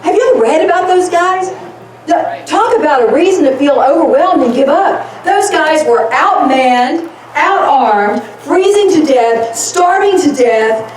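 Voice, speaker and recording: A woman's voice: sits high, lively intonation, unhurried, a little hiss or hum. A woman giving a folksy, fired-up political rally speech, laughing often as she talks. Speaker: rally speaker. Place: rally crowd event. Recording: echoey sound from far off.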